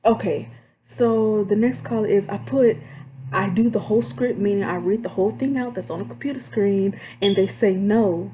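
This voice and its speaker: Texan girl ranting about call center callers, drawly, mellow voice, bit of background hum. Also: medium pitch, moderate pace. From Texas. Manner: animated, candid, drawling, swears freely. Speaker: call center fundraiser telling work stories. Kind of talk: casual storytime vlog.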